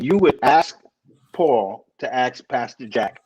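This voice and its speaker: A man in a casual chat, lively and teasing, often cutting in on others. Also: mid-range voice, a little slow, husky, muffled recording.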